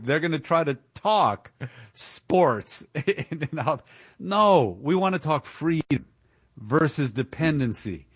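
A man's voice: a little high, animated, slow pace, husky, no echo, clean studio sound. A man hosting a political talk radio show, speaking in an indignant, emphatic way with occasional chuckles.

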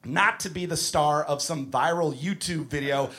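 A man doing a stand-up routine, profane and animated, shouting his punchlines. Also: a little high, normal speed. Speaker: stand-up comedian.

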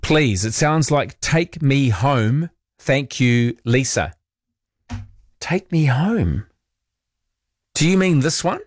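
A man hosting an overnight talk radio show, reading listener messages in a relaxed, chatty, self-deprecating way. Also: medium pitch, slow pace, pauses often, no room sound, clean studio sound. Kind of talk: late-night radio, reading listener texts. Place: radio studio. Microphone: studio microphone.

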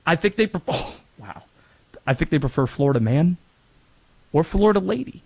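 A man's voice: fairly high pitch, lively intonation, a little fast, gravelly, a little mellow, breathy edge. A man from North Carolina hosting a sports talk show, chatting and rambling with self-deprecating asides. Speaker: sports radio host.

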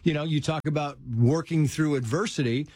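A middle-aged man telling stories from his life in casual conversation, animated and quick to act out what people said. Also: on the high side, dry recording, studio quality. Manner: animated storyteller who acts out quotes in a raised voice.

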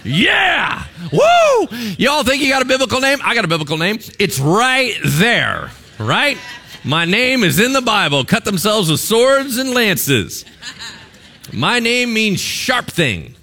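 Animated joking male preacher. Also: high-pitched, unhurried, gravelly. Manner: animated, joking, acts out voices. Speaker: pastor. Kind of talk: sermon.

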